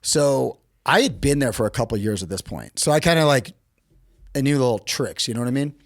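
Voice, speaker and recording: A man's voice: a little fast, no room sound, clean studio sound. An American man, middle-aged, telling a story as a podcast guest, acting out the quotes with sudden jumps in his voice. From United States. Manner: animated, acts out quotes with lively pitch jumps. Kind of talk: casual storytelling.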